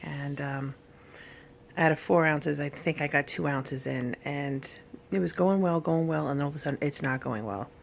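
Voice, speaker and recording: A tired woman in pain talks to her camera at home, rambling and halting, with plenty of fillers. Her voice is gravelly with vocal fry. A faint hum of room noise sits behind her. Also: sits low. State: tired and in pain after surgery. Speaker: vlogger. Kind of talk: casual recovery vlog. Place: at home, sitting in bed.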